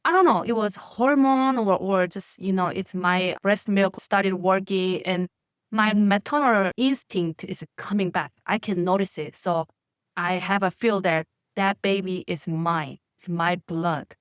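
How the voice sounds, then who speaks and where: A young woman from North Korea with a Korean accent, telling a personal story in halting, candid English that often breaks into laughter. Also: mid-range voice. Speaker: vlogger. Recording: roomy echo, mic at a distance.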